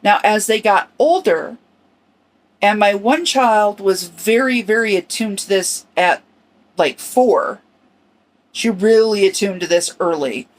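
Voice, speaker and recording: A middle-aged woman hosting a personal podcast, speaking earnestly and reflectively in short, halting phrases. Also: medium pitch. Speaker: podcast host.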